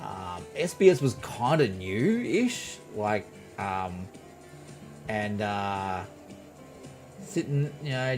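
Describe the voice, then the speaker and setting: A man's voice: on the low side, darkish tone. Man rambling through a story. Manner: rambling, swears freely, restarts a lot. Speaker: game streamer. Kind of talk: casual storytelling on a live stream.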